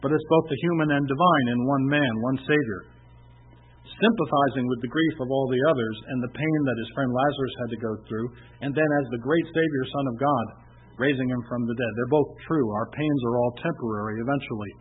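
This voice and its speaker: Husky man, earnest conversational preacher, tinny radio broadcast sound. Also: medium pitch, brisk. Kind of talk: sermon. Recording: muffled phone-like radio broadcast.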